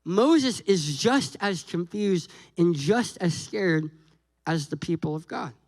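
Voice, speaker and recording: Guest pastor, male, very high voice, slow deliberate delivery, jokey storyteller who voices the characters in his sermon. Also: dry recording, low-quality recording. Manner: animated, jokey, acts out dialogue with God and Moses.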